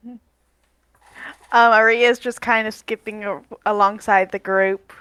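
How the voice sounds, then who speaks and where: A woman's voice: medium pitch, fairly even intonation, unhurried, a bit bright, clean tone, no room sound, poor audio. Hesitant woman player. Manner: hesitant, filler-heavy narration. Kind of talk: describing her character in a tabletop game.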